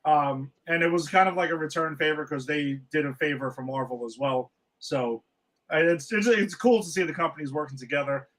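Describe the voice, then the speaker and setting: A man hosting a podcast, casually recapping an episode in a relaxed, chatty way. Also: on the high side, low-quality recording. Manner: recapping plot, relaxed and chatty, says "you know" often. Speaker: podcast host. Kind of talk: casual chat.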